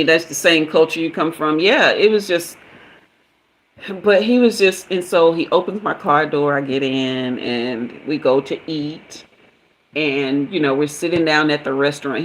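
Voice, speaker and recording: On her live stream, a spiritual reader chats directly with viewers while recounting something from her own life. Her telling is loose and full of fillers, her pitch leaping upward in moments of excitement, all captured with poor audio.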